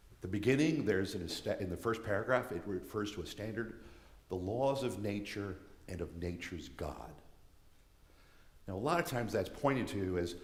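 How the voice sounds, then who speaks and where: Man, low voice, earnest lecturer who restarts phrases; reverberant church hall sound.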